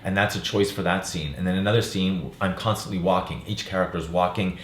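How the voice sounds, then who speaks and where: An older man with a very low voice speaks in a relaxed, reflective way, often pausing on fillers. His voice sits in a roomy space with a faint hum of ambience behind it. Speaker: actor and playwright. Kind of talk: interview chat.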